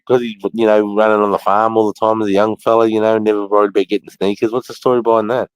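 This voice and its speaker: A man's voice: on the low side, level tone, fast, few pauses, clear, resonant tone, no echo. A man hosting a live stream, chatting casually, greeting viewers and swearing freely. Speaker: livestream host.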